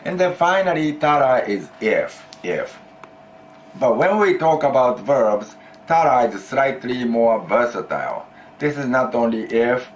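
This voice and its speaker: A man's voice: mid-range voice, slight background noise. A man teaching a Japanese grammar lesson in English, explaining patiently, repeating key phrases and prompting his student to answer.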